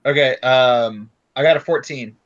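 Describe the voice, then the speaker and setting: Man, tabletop player, bright tense voice, crude jokes, dull lo-fi sound. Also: medium pitch, a little slow. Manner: crude, joking. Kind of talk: casual play at the table.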